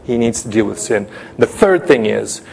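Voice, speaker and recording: A man's voice: fairly low pitch, animated, moderate pace, gravelly, a little mellow, slight background noise. A man preaching an urgent sermon, speaking straight to his listeners and telling a personal story with a lot of drama.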